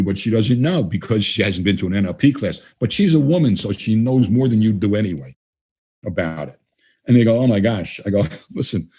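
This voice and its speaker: With a lowish, slightly breathy voice, a man appearing as a guest trainer answers an interviewer's questions. He tells lively stories, voicing each side of the dialogues himself.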